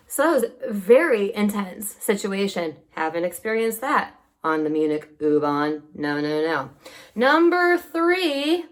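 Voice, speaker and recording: A young woman from New York telling stories to camera in a casual, animated way. She moves between hushed asides and excited highs. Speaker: vlogger.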